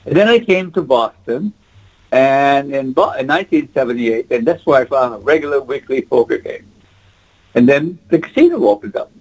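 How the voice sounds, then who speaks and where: A man's voice: medium pitch, animated, normal speed, a little mellow, slightly rough, rough recording. Octogenarian man, from Quebec, French first language, rambling anecdotes, chuckles. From French Canada, Quebec. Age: 80s. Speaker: guest. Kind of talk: casual interview storytelling.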